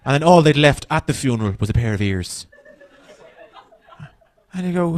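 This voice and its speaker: A man's voice: medium pitch, expressive, darkish tone. A man from Dublin with an Irish accent, doing a blunt, profane stand-up set on a comedy stage. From Dublin, Ireland. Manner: profane, blunt, rapid-fire.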